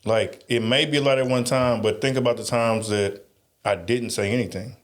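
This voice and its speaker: A man's voice: medium pitch, steady tone, moderate pace. A man co-hosting a podcast in casual chat, talking emphatically and often repeating his agreement. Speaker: podcast co-host.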